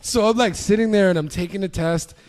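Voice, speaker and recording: A young man from New York telling a story in a casual podcast chat, animated and profane, acting out the voices of people in it. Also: high-pitched, brisk. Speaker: podcast guest.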